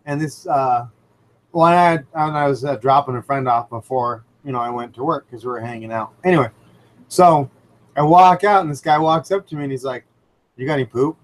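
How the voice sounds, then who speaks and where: A man talks into a computer mic at home beside his fish tank, hosting a relaxed livestream. He rambles through his stories with plenty of fillers and restarts, his voice sitting at an ordinary middle pitch for a man. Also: normal speed, rough recording. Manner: animated storyteller, rambling with many fillers. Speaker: livestream host. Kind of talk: casual live chat and anecdote. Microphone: computer microphone.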